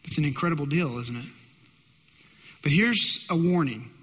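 Male pastor, dramatic storyteller, bright and sharp tone, long hall reverb. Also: fairly high pitch, animated, normal speed, husky. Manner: dramatic storytelling with acted-out quotes. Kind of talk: sermon.

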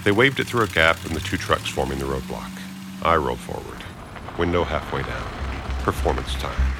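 A man's voice: a bass voice, expressive, normal speed, gravelly, music in the background. A man narrating a first-person heist story, breaking into wry, self-mocking asides to himself.

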